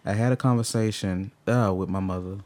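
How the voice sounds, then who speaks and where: Emphatic, deep-ish man, swears freely, dry sound, candid podcast talk. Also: steady tone, brisk, no room sound. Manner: emphatic, swings from low and brooding to loud and fired up. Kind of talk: candid conversation.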